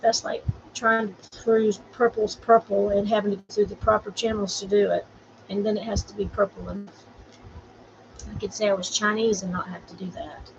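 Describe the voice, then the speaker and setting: A middle-aged Florida woman with a mid-range voice talks about grief at a normal speed, her delivery flat and touched with vocal fry. She's a vlogger on a casual livestream, earnestly rambling and offering preachy encouragement to viewers. The audio comes from a borrowed camera and sounds slightly dull, with faint noise.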